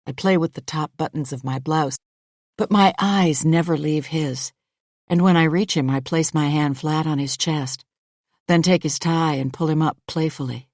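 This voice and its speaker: A woman narrating a first-person thriller audiobook in an intimate, measured storytelling manner. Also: low voice, a little mellow, no room sound, clean studio sound.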